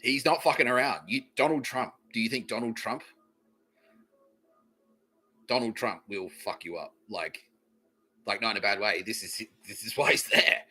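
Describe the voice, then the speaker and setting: A man's voice: on the low side, moderate pace, long pauses, sharp tone, husky, rough recording. A man hosting a comedy podcast, delivering a profane, repetitive monologue and laughing at his own lines. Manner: swears constantly, repeats phrases, laughs at own lines. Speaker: podcast host.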